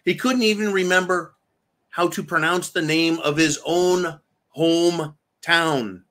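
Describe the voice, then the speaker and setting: A man's voice: on the high side, a little slow, fairly bright tone. A man hosting political commentary, delivering an angry, profane, sarcastic rant and repeating himself for emphasis.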